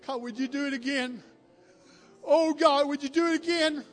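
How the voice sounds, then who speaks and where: A man preaching a Pentecostal revival sermon, praying in a fervent, chanting way that rises to crying shouts. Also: extremely high pitch, fairly even intonation, moderate pace. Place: church sanctuary at the altar. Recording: music behind, long church reverb.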